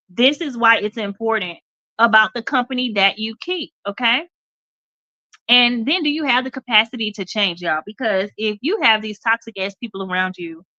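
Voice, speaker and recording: A woman's voice: a little high, sharp tone, dry recording, muffled recording. Direct woman talk show host. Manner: direct, emphatic, checks in with "okay?". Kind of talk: motivational talk.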